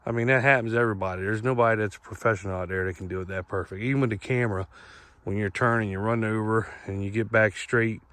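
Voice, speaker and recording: Speaking fast in a fairly low, bright voice with fairly even intonation, a middle-aged Eastern Shore farmer leads a casual vlog walk through his cornfield outdoors. He explains things simply and repeats himself as he goes, and the recording has no room sound.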